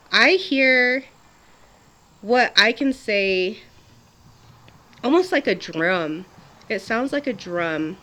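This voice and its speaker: A woman's voice: mid-range voice, fairly bright tone. A young adult woman telling a personal story in a chatty, casual way, with frequent laughs, fillers and restarts.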